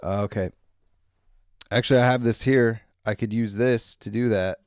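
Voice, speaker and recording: A man's voice: fairly low pitch, fairly even intonation, normal speed, no room sound. Male streamer, tired and crude, rambling morning chat, dry close mic. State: tired, clearing his throat. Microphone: desk mic.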